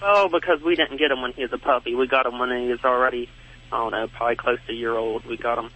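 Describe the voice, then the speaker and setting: A man calling in to a radio show, asking his question in a hesitant, halting way. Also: medium pitch, steady tone, pushed and bright. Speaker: caller. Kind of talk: phone-in question. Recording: dull phone line.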